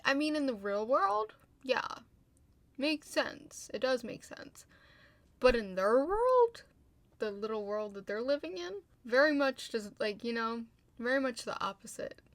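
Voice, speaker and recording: A young woman casually recapping a TV episode, talking fast with lots of fillers, a little tired but getting heated in her asides. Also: fairly high pitch, lively intonation, no echo. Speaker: video host.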